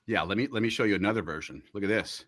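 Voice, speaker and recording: Eating as he talks, a radio host jokes his way through a casual studio livestream. His voice is on the low side and his delivery rapid-fire and animated.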